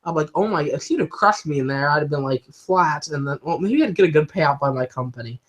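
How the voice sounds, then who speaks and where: A man's voice: on the high side, expressive, brisk. A young man chatting casually on a livestream, telling rambling, self-mocking stories about work. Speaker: livestream co-host. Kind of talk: casual chat.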